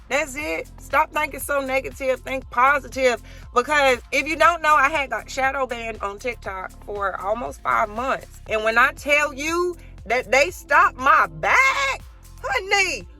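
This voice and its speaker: A woman vlogging on a phone, talking loud and profane as she calls her viewers y'all and honey. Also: sits high. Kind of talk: casual vlog chat. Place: in a car and around a store.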